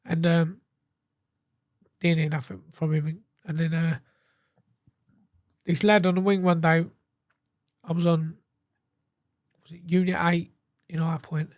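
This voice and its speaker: A man's voice: on the high side, level tone, takes it slowly, long pauses, a little mellow, dry recording, clean studio sound. A man, a guest telling a story in a casual, blunt way, swearing freely and acting out what others said. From England. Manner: blunt, sweary, acts out quoted dialogue.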